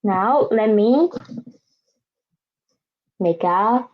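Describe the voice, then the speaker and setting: Slow, patient woman teaching pinyin. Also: medium pitch, expressive, narrow, tinny audio. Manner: slow, patient, demonstrates each sound and asks students to repeat. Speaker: Chinese teacher. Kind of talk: pinyin lesson for beginners.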